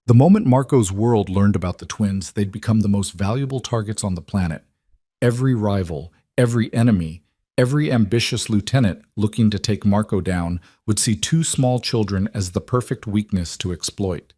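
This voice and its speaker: Low-voiced male story narrator. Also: normal speed, dark tone, breathy edge, no room sound, studio quality.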